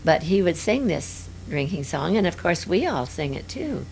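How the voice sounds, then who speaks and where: A woman's voice: fairly low pitch, very animated, moderate pace, gravelly, a little mellow, slight background noise. An older woman reminiscing in an interview, rambling and hesitant with many fillers.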